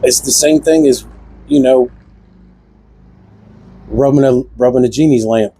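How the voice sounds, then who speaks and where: A man's voice: medium pitch, measured pace, warm tone, a little hiss or hum. A man speaking, giving a passionate spiritual monologue to camera that repeats phrases and fires off rhetorical questions. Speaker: vlogger.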